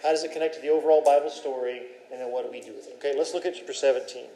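A man's voice: mid-range voice, steady tone, very fast, mellow, a little hiss or hum, low-quality recording. A man teaching a Bible class, asking questions and talking in a loose, conversational way with fillers.

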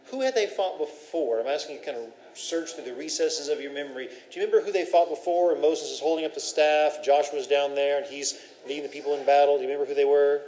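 A man's voice: on the high side, fast, hardly any pauses, darkish tone, rough recording. A man teaching a Bible class, asking questions and talking in a loose, conversational way with fillers.

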